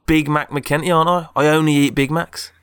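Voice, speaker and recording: A man's voice: on the high side, flat delivery, a little fast, fairly bright tone, smooth, pitched above the performer's own voice, lightly acted. A man doing a whiny, fussy lad. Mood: whiny complaint. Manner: raised, whiny and insistent. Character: fussy young man insisting on his burger.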